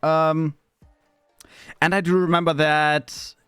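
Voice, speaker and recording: A man chatting casually on a live stream, rambling and swearing, with sudden squeaky high bits. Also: level tone, slow pace, pushed and bright, clean tone, no room sound, faint music behind.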